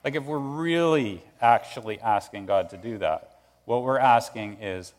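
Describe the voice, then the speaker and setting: A male pastor preaching in a loose, conversational style, his voice carrying a long reverb from a large hall. He keeps things animated and slips into little acted voices for the people he quotes. His pitch sits in an ordinary middle range for a man. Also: a little slow. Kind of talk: sermon.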